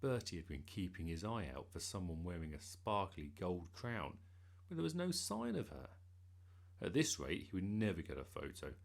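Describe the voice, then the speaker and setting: Man reading a kids' story, low and gravelly, very animated. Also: moderate pace. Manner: lively, expressive. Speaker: narrator.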